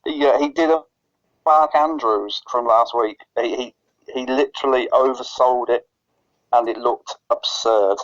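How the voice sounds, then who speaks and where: A man co-hosts a podcast in loose, casual chat, tripping over his words and starting sentences again. His voice sits at a middling pitch. The recording sounds muffled and lo-fi. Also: fairly even intonation, unhurried. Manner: stutters and restarts phrases. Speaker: podcast co-host. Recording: lo-fi dull recording.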